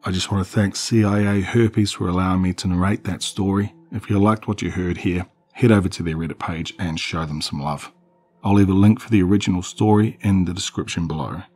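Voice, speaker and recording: A man narrating a scripted horror story in a measured, dramatic way. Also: sits low, steady tone, darkish tone, husky, faint music behind.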